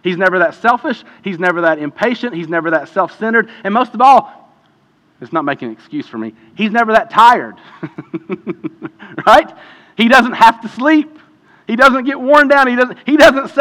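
A man preaching a sermon as pastor, impassioned and swinging between hushed and loud passages. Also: sits high, animated, moderate pace. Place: church sanctuary. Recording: long hall reverb.

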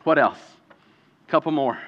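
A man preaching a sermon, animated and emphatic, with chatty asides and quick restarts between points. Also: fairly high pitch. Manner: animated preaching with sudden loud emphatic peaks; chatty, self-deprecating asides with fillers and restarts. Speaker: pastor. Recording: muffled, with a long hall reverb.

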